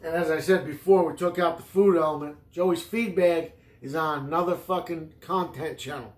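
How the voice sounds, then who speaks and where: A man's voice: on the high side, fairly even intonation, normal speed. Profane rambling podcast man, echoey room. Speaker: podcast host. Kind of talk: rambling improvised comedy monologue.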